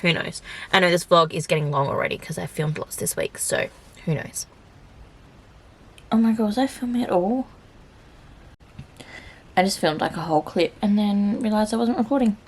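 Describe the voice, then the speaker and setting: A woman's voice: medium pitch, lively intonation, fairly quick. A young woman vlogging in a casual, rambling chat to camera, filling her talk with "like". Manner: chatty, rambling, full of "like" fillers.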